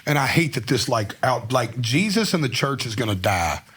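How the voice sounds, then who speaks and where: Man, thirties, husky voice, rambling slangy storyteller, studio mic. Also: medium pitch, sing-song, normal speed, a bit bright. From Tennessee, US. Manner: candid, rambling, slangy, frequent "like" fillers. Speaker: guest musician. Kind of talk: casual storytelling interview. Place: podcast studio.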